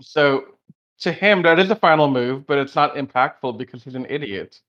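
A man's voice: mid-range voice, expressive, normal speed, fairly bright tone, lo-fi sound. A man co-hosting a casual review podcast, blunt and opinionated. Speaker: podcast co-host.

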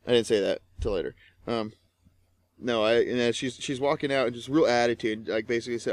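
A man's voice: medium pitch, brisk. Foul-mouthed man telling a rant story. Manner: swears constantly, shouts out quoted rants. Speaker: podcast co-host. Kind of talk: casual chat, profane storytelling.

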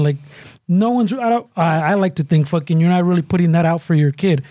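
A man's voice: fairly high pitch, brisk, warm tone, no room sound. A man and parent, telling a story in a rambling, profane, casual way with lots of Spanish slang mixed in. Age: adult parent. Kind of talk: casual chat.

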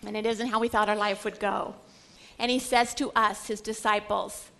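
A woman's voice: medium pitch, flat delivery, normal speed, gravelly, a bit bright. A middle-aged woman teaching a Bible lecture, earnest and emphatic. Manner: earnest, acts out scripture quotes with emphasis. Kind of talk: religious lecture.

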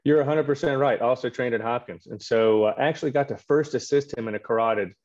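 A middle-aged man tells career stories quickly and with self-deprecating humor. His voice sits in a middle pitch, and the recording sounds slightly muffled. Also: darkish tone. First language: French. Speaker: guest, orthopedic surgeon. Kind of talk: casual interview chat.

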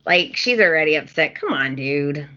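A woman's voice: low-pitched, expressive, moderate pace, bright, forceful tone, dull audio. A woman co-hosting a podcast, recapping a soap opera in casual chat and acting out the characters' lines with laughter. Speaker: podcast co-host.

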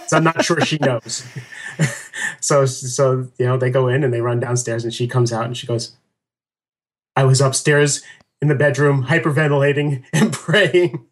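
Animated middle-aged man telling a story. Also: mid-range voice, measured pace, pauses often. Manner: animated, laughing storyteller who acts out quotes. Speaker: podcast guest. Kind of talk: casual storytelling interview.

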